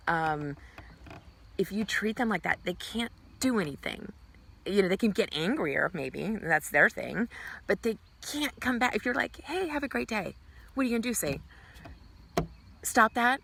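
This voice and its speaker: A middle-aged woman giving earnest life advice in a casual motivational talk, with many fillers, brightly acting out the greetings she quotes. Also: lowish voice, gravelly, slight background noise. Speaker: ministry speaker giving life tips.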